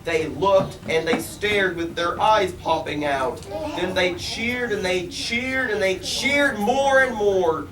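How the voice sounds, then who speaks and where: A man's voice: high-pitched, slow pace, fairly bright tone. A young man reading a rhyming picture book aloud in a bookstore, with a sing-song lilt and frequent laughs. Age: young adult. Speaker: story time reader. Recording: echoey store, mic far off, noisy.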